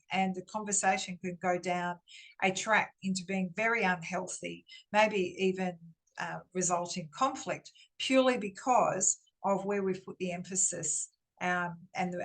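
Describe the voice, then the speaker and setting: A woman's voice: mid-range voice, fairly bright tone, poor audio. A woman giving a webinar talk on workplace communication, explaining ideas earnestly and restarting phrases now and then. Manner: earnest, explanatory, with frequent restarts and rising emphasis. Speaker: guest speaker on workplace communication. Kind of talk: webinar presentation. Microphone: online webinar microphone.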